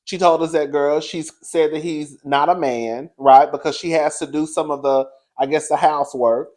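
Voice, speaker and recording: A man giving casual commentary on a reality show, sassy and frank, laughing often, with big swoops in pitch. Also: steady tone, normal speed, a little mellow. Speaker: reality TV reviewer.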